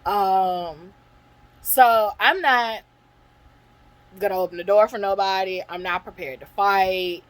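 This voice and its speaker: A woman vlogger telling a personal story in a casual storytime monologue, blunt, profane and animated. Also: medium pitch, low-quality recording.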